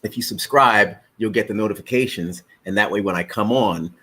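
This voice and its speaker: Middle-aged guy on a live stream, bright voice, jokey, calls everyone folks. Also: lowish voice, fairly quick, slightly rough. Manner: playful, joking, talks directly to viewers as folks. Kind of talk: casual live-stream chat with viewers.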